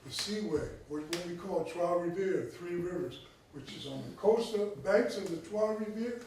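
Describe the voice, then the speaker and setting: A man's voice: sits high, normal speed, darkish tone, a little hiss or hum. A man who is a tribal chief giving a conversational talk, often checking in with his listeners. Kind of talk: conversational lecture. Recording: echoey room, mic far off.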